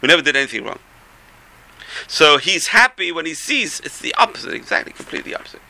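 Gravelly, animated man telling a religious story. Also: a little high, fast talker. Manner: animated storyteller, swinging between loud bursts and soft asides. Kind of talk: storytelling Torah talk.

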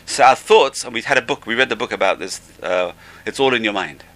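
A man's voice: medium pitch, fairly quick, fairly bright tone, rough recording. A man teaching an informal religious class, enthusiastic and repeating how amazing things are. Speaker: Torah teacher.

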